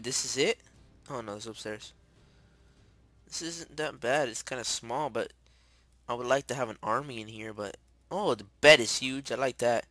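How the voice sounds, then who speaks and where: A young man giving rambling, excitable commentary while playing a video game. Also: medium pitch, no room sound. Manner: chatty, rambling, excitable, shouts when startled. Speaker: gamer. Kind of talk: casual gameplay commentary.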